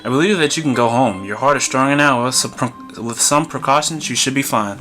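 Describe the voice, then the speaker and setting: Guy voicing a calm middle-aged doctor, measured and reassuring, bright clear voice, game read-aloud. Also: medium pitch, soft background music, natural voice.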